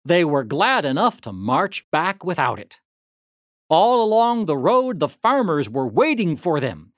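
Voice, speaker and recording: A narrator reading a historical story aloud in a dramatic, animated read-aloud manner. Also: mid-range voice, a little slow, dry recording, studio quality.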